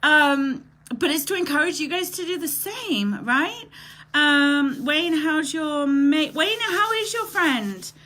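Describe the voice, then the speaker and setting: A woman in her thirties from Canada hosts a casual live stream. Her voice sits a little high and sounds very bright and forward. She chats warmly with viewers, greets them by name and talks openly, often close to tears. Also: animated, slow pace, a little hiss or hum. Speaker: live show host.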